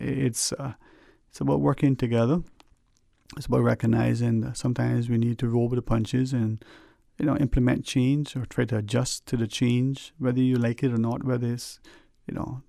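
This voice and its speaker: A man's voice: mid-range voice, level tone, normal speed, vocal fry, warm tone, dry recording. A man hosting a radio talk show, rambling and folksy with lots of "you know", earnestly advising listeners from a studio microphone.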